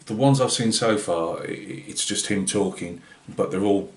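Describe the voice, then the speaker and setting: A man's voice: fairly low pitch, moderate pace. Rambling Northeast English man, roomy sound. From Britain. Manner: rambling and hesitant, many fillers and restarts. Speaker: scale-modelling channel host. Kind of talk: casual vlog chat. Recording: roomy echoey room.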